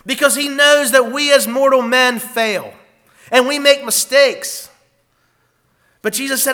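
A man preaching a sermon in an earnest way, reading scripture aloud and moving between loud emphatic stretches and quiet ones. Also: very high voice, unhurried.

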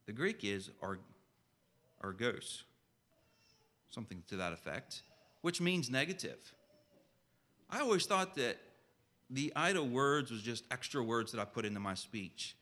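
A man delivers a sermon with a sharp, forceful edge to his voice. His talk stays conversational and full of direct questions to the congregation. When he reads scripture, he slows into solemn, measured phrasing. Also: medium pitch. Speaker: preacher.

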